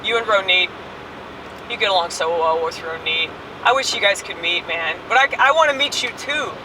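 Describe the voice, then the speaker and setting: This woman's lowish voice comes at a moderate pace from a distant phone mic as she drives and films a casual, crude rant. A brash, rambling online comedian, she swears freely over a noisy background inside the moving car.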